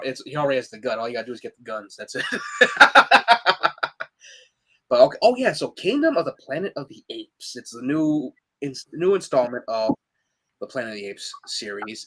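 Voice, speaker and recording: Animated laughing podcast co-host man. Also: mid-range voice, normal speed, slight background noise, rough recording. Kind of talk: casual chat.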